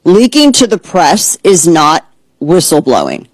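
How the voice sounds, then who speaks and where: A woman's voice: on the low side, sing-song, measured pace, dry recording, low-quality recording. A woman hosting a political talk radio program, speaking in a heated, blunt and sarcastic way. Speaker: radio host.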